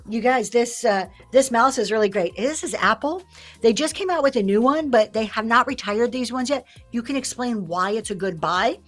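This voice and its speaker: Brief: woman, fairly high voice, livestream host coaching sellers, lively, acts out quotes, faint music under her. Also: moderate pace. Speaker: live-selling host. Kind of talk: livestream teaching talk.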